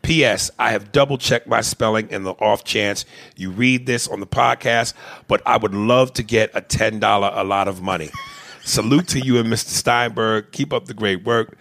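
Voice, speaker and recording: A man co-hosting a podcast, reading a listener email and joking in casual comedic chat, laughing often and breaking into loud bursts. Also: on the low side, normal speed, vocal fry. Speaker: podcast co-host.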